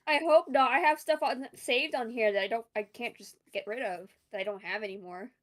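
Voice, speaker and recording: A woman's voice: a little high, brisk. A woman in casual gaming chat on a call, playful and chatty, laughing often. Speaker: co-player on call.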